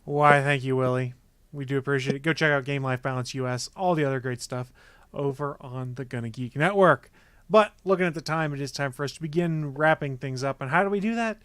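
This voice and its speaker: A man's voice: medium pitch, fairly quick, fairly bright tone, clean tone, dry recording. A man hosting a podcast, reading network plugs and segment intros in an upbeat, announcer-like way. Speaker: podcast host.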